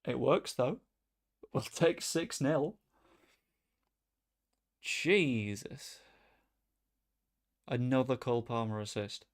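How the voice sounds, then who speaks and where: A man chatting casually as he streams a football management game, rambling and breaking into sudden excited outbursts. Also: mid-range voice, measured pace. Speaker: gaming streamer. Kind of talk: casual gameplay commentary.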